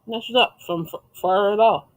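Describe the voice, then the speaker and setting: A chatty man hosting a relaxed livestream, his voice pitched notably high. He reads viewers' comments aloud and answers them with easy laughter in a loose, conversational way. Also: normal speed, rough recording. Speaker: livestream host. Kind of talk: casual livestream chat.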